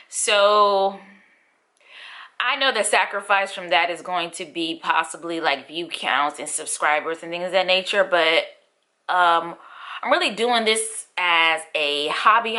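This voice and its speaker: A chatty woman in her thirties talking to her viewers in a casual vlog. Her voice is bright and forward, and she laughs often as she catches them up on her life. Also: medium pitch. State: out of breath. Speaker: vlogger. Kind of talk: casual chat to camera.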